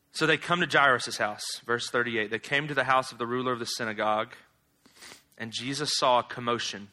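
A man preaching a sermon in a conversational way, acting out bible scenes with slangy asides and loud, high exclamations. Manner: rises to loud, high exclaims when animated. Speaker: pastor.

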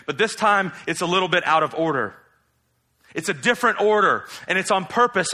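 A man delivers a sermon in a loose, conversational way, asking his listeners rhetorical questions. His voice sits a little high and sounds bright. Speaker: preacher. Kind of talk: expository sermon.

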